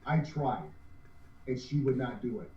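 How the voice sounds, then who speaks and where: A man's voice: mid-range voice, measured pace, dark tone. A man, co-owner of a cosplay group, talking earnestly in a casual interview with many restarts. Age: 50s. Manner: rambling, earnest, restarts often. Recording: roomy, distant, dull lo-fi sound.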